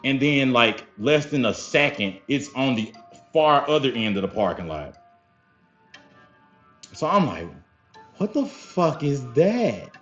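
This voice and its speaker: A young man telling a story casually to his viewers, animated and profane, often calling them y'all. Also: mid-range voice, measured pace, pauses often. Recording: slightly dull lo-fi sound with faint music.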